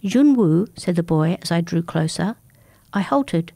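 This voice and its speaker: A woman narrating a first-person folk tale in a calm, measured, intimate manner. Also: on the low side, dry recording. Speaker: storyteller.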